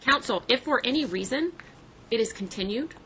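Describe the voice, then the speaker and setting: A woman's voice: on the high side, expressive, normal speed, sharp tone, a little hiss or hum, low-quality recording. A woman serving as a family court judge in a courtroom, firmly explaining her rulings and procedure to counsel.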